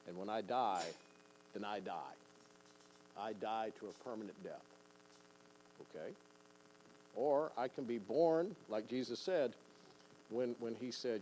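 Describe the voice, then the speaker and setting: A man's voice: lowish voice, a little slow, pauses often, darkish tone, slight background noise, low-quality recording. An older man preaching a conversational sermon in a church, folksy and plain-spoken, often repeating words and acting out what people say. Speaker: pastor teaching a seminar.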